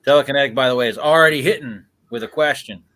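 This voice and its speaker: A man's voice: medium pitch, fast, bright, forceful tone. A man co-hosting a live podcast, chatting in an easygoing, joking manner. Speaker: podcast co-host. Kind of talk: casual live podcast chat.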